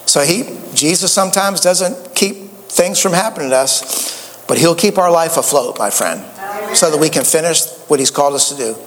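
A man's voice: fairly high pitch, normal speed, long reverb tail, slight background noise. A man preaching a sermon, a folksy storyteller who often stammers and restarts his sentences. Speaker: pastor.

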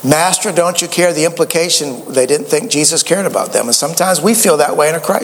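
A man's voice: on the high side, fairly quick, hardly any pauses, long reverb tail. A man preaching a sermon, a folksy storyteller who often stammers and restarts his sentences. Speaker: pastor.

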